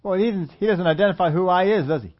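Speaking quickly in a high voice, a male pastor preaches conversationally and keeps asking his listeners questions. The audio is muffled and lo-fi.

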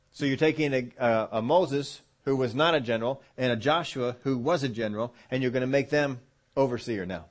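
A man preaching a midweek sermon, reading scripture aloud and slowing down to stress words. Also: mid-range voice. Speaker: pastor.

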